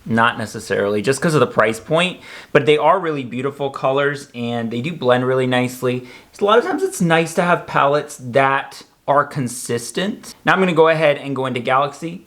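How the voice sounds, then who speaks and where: A man's voice: mid-range voice, fairly bright tone. A young man casually reviewing makeup in a chatty, campy vlog with joking asides.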